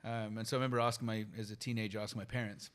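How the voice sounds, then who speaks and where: A man from the UK with a British accent, a podcast guest telling his story in an earnest, reflective way, listing his thoughts slowly with pauses. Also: lowish voice, little pitch movement, fairly bright tone. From United Kingdom. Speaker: guest, company leader and keynote speaker.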